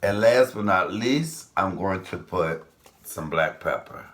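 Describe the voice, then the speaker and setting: Man, 50s, deep voice; chatty home-cook host, loose and rambling. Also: lively intonation, slow, fairly bright tone. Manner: chatty, rambling asides, addresses viewers directly. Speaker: cooking channel host. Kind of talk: casual cooking vlog chat.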